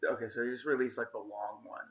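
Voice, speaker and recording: A man hosting a casual chat with friends, animated and quick to laugh, leading the topics. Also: mid-range voice, crowd noise, rough recording. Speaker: podcast host.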